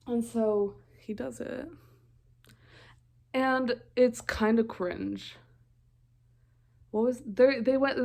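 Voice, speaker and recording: A woman's voice: a little high, a little mellow. A young woman vlogger recapping a TV show in a casual, rambling way, often breaking off mid-thought. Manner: rambling, chatty, interrupts herself often.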